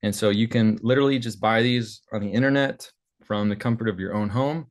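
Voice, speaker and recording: A man's voice: on the low side, a little fast. A man giving a casual, chatty screen-share walkthrough of websites, thinking aloud as he goes. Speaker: business partner walking through websites.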